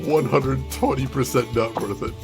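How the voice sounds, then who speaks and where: A man casually commentating a game live stream, chatting with his viewers and laughing often. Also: mid-range voice.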